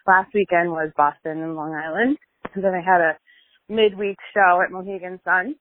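A woman's voice: fairly low pitch, fairly even intonation, normal speed. A woman leaving a chatty, upbeat voicemail while walking a dog outdoors, out of breath. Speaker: caller to a podcast hotline. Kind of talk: voicemail message. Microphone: phone. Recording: tinny phone line.

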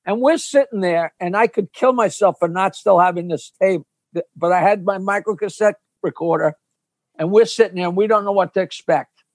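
Animated high-voiced older man telling stories. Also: brisk, dry recording. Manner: animated, profane, dramatic storyteller. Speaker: guest comedian. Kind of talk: casual storytelling chat.

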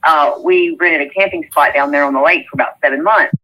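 A middle-aged woman with a drawl tells a long story in loose, halting bursts, doubling back as she goes. Her voice has a bright, sharp edge. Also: low-pitched, poor audio. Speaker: interviewee. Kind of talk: casual spoken recounting.

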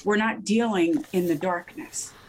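Against a noisy background, a middle-aged woman appearing as a guest minister shares her testimony in a casual talk-show chat. Her voice is on the low side and a little slow. She tells stories with energy, acting out other people's voices.

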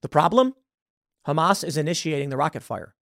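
A man's voice: a little high, expressive, fairly quick, gravelly, a bit bright, dry recording, studio quality. A man hosting a political commentary show, talking emphatically to viewers and posing rhetorical questions.

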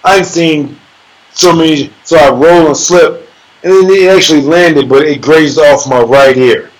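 A man's voice: fairly high pitch, steady tone, measured pace, poor audio. A man telling a sparring story in a casual chat, cursing freely, bragging and laughing as he acts out the punches with sound words. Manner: profane, boastful, laughs as he talks.

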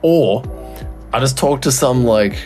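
A man's voice: mid-range voice, a little slow, darkish tone, soft background music. A man, co-hosting a podcast and telling a long rambling story in casual chat, swearing often and acting out what people said. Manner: rambling storyteller, swears a lot, acts out quotes. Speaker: podcast co-host.

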